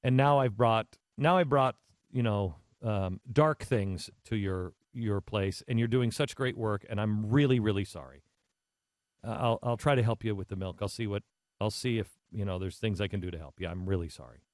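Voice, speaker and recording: A man putting on a contrite male politician, apologizing in a low, hushed, halting voice. The sound is close and dry. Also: dry recording, close to an everyday voice.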